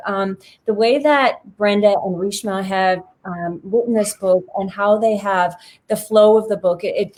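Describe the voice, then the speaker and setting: A woman hosts an interview over a video call. She sounds enthusiastic and effusive, with a voice at a middle pitch. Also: a little mellow. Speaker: host.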